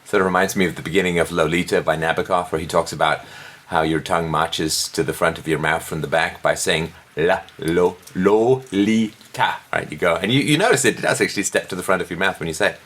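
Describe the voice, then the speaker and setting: A middle-aged man hosting a podcast, reading an article aloud and mocking it, with theatrical jumps in pitch when he scoffs. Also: fast, fairly bright tone. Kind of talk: sarcastic commentary on a read-aloud article.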